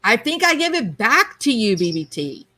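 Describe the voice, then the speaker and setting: A woman's voice: a little high, very animated, moderate pace, pushed and bright, rough recording. A woman hosting a livestream, chatting casually and reading viewer comments aloud. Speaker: livestream host reading chat. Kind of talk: casual chat.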